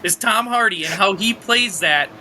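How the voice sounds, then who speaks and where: Bright high-voiced eager man. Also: moderate pace, a little hiss or hum. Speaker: podcast guest. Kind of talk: casual chat.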